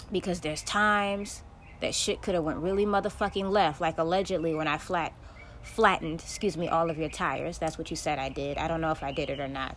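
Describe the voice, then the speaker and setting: A woman's voice: deep voice, slight background noise. A woman hosting her own podcast, venting in a heavily profane, emphatic solo monologue. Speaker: podcast host.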